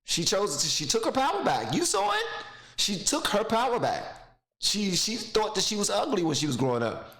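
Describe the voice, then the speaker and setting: A man's voice: sits high, wildly swooping pitch, moderate pace, a bit bright, echoey room. A man giving blunt, mocking casual commentary while reacting to a video clip, rambling into stories.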